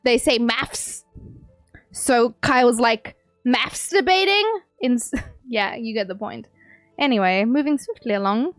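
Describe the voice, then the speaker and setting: Woman streamer from England, playful and teasing, high voice, dry close mic with music behind. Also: moderate pace, no room sound. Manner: playful, teasing, swearing, reads chat aloud. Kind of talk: casual chat with stream chat.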